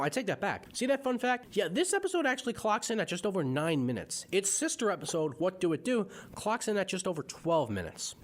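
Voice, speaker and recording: A young man narrates his cartoon reviews from a script, opinionated and often exasperated. His voice sits a little high and swings widely in pitch, turning sarcastic in his asides.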